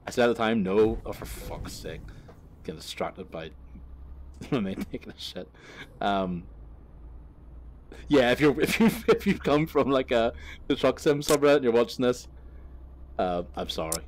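This gaming creator speaks in an animated mid-range voice at a moderate pace, pausing often, with slight background noise. He chats casually about the game while telling a long, crude, wandering story. He keeps correcting himself and laughing through it.

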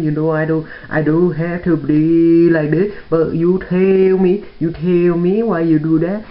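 A man's voice: on the high side, voice pushed up, natural voice. A young man putting on an exaggerated, sing-song mock foreign accent with broken English, in a lo-fi home video.

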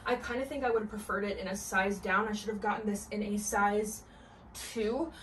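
A woman's voice: mid-range voice, fairly even intonation, moderate pace, slight background noise. A young adult woman chatting enthusiastically in a try-on haul vlog, recorded indoors at home. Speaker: fashion vlogger.

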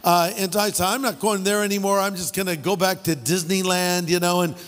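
A middle-aged man with a high, light voice preaches in a big hall with a long echo. He tells funny stories and makes wry asides, and faint music sits behind him. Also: steady tone, a little fast, a bit bright. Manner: storytelling with jokes and asides. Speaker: pastor. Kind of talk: humorous sermon.

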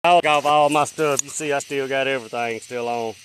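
Speaking at a medium pitch in a steady tone, this livestream host talks a little fast over slight background noise. He's broadcasting on his phone from a rural farm late at night, drawling out viewers' names and going quiet to listen for sounds.

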